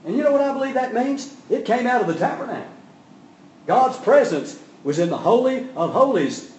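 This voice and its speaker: A man preaching a sermon, telling the story with big swings from loud to soft. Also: very high voice, sing-song, moderate pace, slight background noise. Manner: dramatic storytelling with sudden loud rises and soft drops. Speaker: pastor. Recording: echoey room, voice from a distance.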